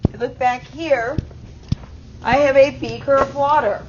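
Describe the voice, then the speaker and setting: This high school chemistry teacher gives a classroom lecture, explaining each step and frequently checking in with her students. She has a high-pitched voice, a steady tone and a slightly slow delivery. The recording, from an auto-tracking camera mic, is slightly muffled and has a noisy background.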